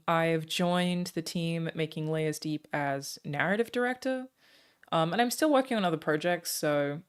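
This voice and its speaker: Chatty woman streamer, low voice. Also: smooth. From Australia. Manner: chatty, thanking viewers, frequent "um" pauses. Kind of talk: casual chat with viewers.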